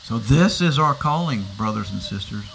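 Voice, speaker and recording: A man's voice: medium pitch, lively intonation, moderate pace, gravelly, a bit bright, slight background noise, low-quality recording. A man preaching a sermon, explaining a passage and posing rhetorical questions, often repeating words as he restarts. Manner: teaching, asks rhetorical questions. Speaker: pastor.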